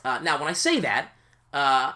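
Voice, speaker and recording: A man's voice: on the high side, sing-song, normal speed, sharp tone. A man hosting a gaming channel, chatting casually to viewers from home with lots of fillers and restarts. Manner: rambling, many fillers and restarts. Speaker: YouTube gaming channel host. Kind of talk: casual let's-play talk to viewers. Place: home, sitting on a creaky seat.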